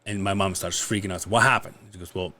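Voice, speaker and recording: Talking at a quick pace in a low voice, this Mexican man spins a rowdy, profane story during casual conversation, animatedly performing what others said. There's slight background noise.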